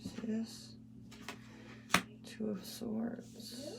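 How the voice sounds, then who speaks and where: A woman's voice: fairly high pitch, level tone, extremely slow, vocal fry. A woman giving a casual tarot reading, musing and thinking aloud as she lays out cards. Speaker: tarot reader. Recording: loud background noise.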